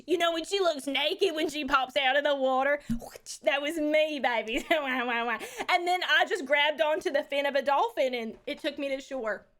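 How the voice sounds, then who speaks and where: A woman's voice: sits high, normal speed, fairly bright tone. A woman playing a brash, crude Texan woman trucker back from space, drawling and calling everyone baby, for a live stream. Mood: rambling. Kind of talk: live-stream character bit.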